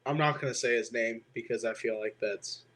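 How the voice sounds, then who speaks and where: A man's voice: mid-range voice, brisk, fairly bright tone. A teenage boy co-hosting a podcast, chatting casually and rambling with lots of fillers and frequent swearing. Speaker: podcast co-host. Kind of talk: casual chat.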